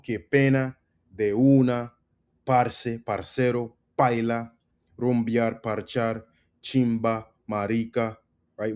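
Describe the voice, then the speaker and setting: A man from the United States giving a casual spoken lesson on slang, relaxed and loose, repeating words slowly and often asking "right?". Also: medium pitch. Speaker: language teacher.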